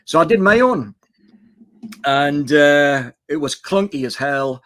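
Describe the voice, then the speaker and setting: A man in his sixties, retired, with a somewhat high voice. He chats with easy enthusiasm, rambling a little as he tells how he got started. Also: animated, takes it slowly, a bit bright. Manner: chatty, enthusiastic, loose storytelling. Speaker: guest. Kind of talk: casual chat on a live stream.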